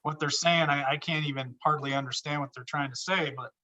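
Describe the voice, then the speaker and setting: A man's voice: a little high, steady tone, fairly quick, sharp tone, rough recording. A man from Idaho hosting a video call chat, friendly and encouraging. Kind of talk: casual chat.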